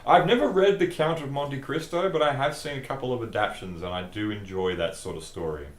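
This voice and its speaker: A man's voice: mid-range voice, brisk. A young man chatting casually during a let's play, with dry, blunt banter. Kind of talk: casual gaming chat. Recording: echoey room.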